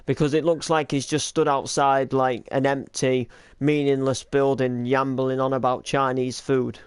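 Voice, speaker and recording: Young uk guy rambling thru a reaction vid, smooth voice, dry close sound. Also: mid-range voice, little pitch movement, a little slow, dry recording. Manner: rambling, lots of likes and restarts. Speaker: channel host reacting to old videos. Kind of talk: casual reaction commentary.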